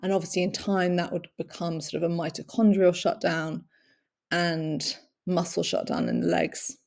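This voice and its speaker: A woman's voice: lowish voice, moderate pace, vocal fry, a little mellow. A woman giving a long personal talk, reflective and searching for words, with many fillers and small laughs. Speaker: speaker sharing personal experience.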